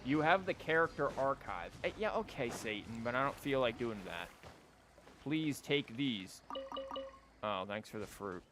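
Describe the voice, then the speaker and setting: A man streaming a video game and chatting casually over it, full of sarcastic jokes and asides. His voice is lively and moves around a lot in pitch. Faint game music sits in the background. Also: a little slow. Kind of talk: casual gameplay commentary.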